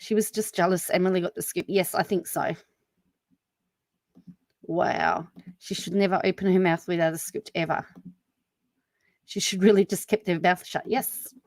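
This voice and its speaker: A woman's voice: on the low side, normal speed, long pauses, a little mellow, no echo. A woman hosting a live commentary stream, chatty and incredulous, reacting to clips and answering viewers. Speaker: commentary channel host.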